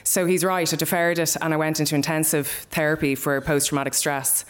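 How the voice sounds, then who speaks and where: A woman's voice: low-pitched, flat delivery, a little fast, hardly any pauses, smooth. A young Irish woman telling a personal story live, in a candid, conversational way with plenty of swearing.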